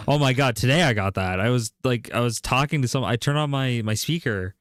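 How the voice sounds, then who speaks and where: A man's voice: medium pitch, brisk, hardly any pauses, a bit bright, no echo, studio quality. A young man from Canada chatting casually on a stream, telling stories with lots of laughter and acted-out quotes. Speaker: vtuber streamer.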